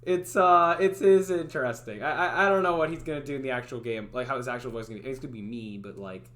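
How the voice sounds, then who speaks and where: A woman's voice: extremely low pitch, quick pace, a bit bright. A woman game developer chatting casually on a livestream, giggling and rambling through restarts. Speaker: streamer and indie game developer.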